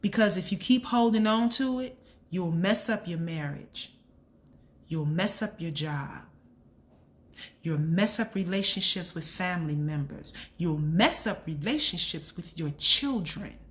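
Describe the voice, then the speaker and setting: A woman's voice: fairly low pitch, expressive, measured pace. A mother talking earnestly to her viewers about faith and self-reflection, preaching in a casual way and repeating key lines for emphasis. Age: adult with a son. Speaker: channel host. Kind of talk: motivational faith talk.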